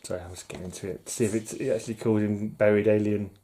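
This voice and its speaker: A man's voice: on the low side, fairly even intonation, fast talker, mellow, a little hiss or hum. A man casually chatting about comic books on his channel, rambling and jokey with frequent giggles. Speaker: comic book collector vlogger. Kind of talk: casual chat.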